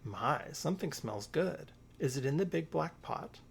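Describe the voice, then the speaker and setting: A man's voice: a little high, expressive, unhurried, vocal fry, slight background noise. A man reading a storybook aloud, voicing a polite, grateful duck. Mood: friendly.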